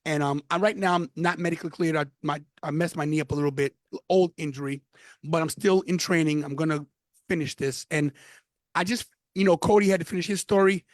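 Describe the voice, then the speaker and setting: A man's voice: on the high side, a little fast, no room sound. A man in his fifties from Brooklyn with a New York accent, telling stories emphatically as a podcast guest. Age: 50s. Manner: animated, emphatic storytelling with repeated phrases. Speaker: podcast guest, former wrestler. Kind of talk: casual interview chat.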